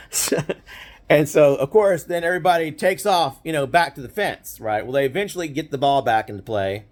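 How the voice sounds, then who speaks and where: A man's voice: on the high side, lively intonation, a little fast. An older man casually reminiscing, rambling with lots of "you know" and "right?" and frequent chuckles. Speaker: storyteller.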